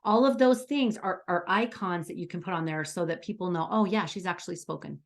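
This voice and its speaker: A woman's voice: lowish voice, fairly quick. A middle-aged woman coaching aspiring speakers in a bubbly, enthusiastic, chatty way, full of stories. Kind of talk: coaching lesson.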